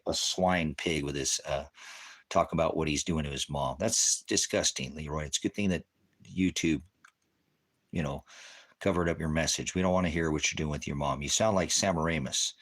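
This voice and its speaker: A man's voice: very deep voice, a bit bright. A man hosting a livestream who argues with his chat in a combative, swearing, dismissive way. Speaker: livestream host of a ministry channel. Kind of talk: profane livestream rant answering chat.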